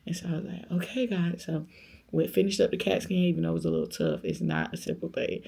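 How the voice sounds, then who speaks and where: Gravelly-voiced woman telling a storytime. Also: deep voice, fast talker. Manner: animated storyteller, acts out quoted voices; faith-filled, speaks of God, conversational. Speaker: vlogger. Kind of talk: storytime vlog, casual chat.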